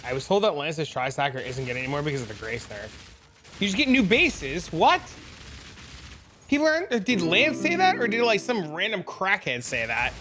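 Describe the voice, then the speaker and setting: A man's voice: on the high side, big pitch swings, a little fast, pushed and bright, a little hiss or hum. A young man streaming a game live, chatting with viewers and ranting profanely about fellow players. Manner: profane, ranting, reacts to chat. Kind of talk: live stream chat while gaming.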